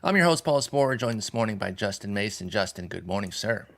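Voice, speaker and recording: A man's voice: on the low side, lively intonation, fairly quick, gravelly, a bit bright. A man hosting a podcast, talking casually and conversationally with his co-host. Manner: conversational, frequent restarts. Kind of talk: casual chat.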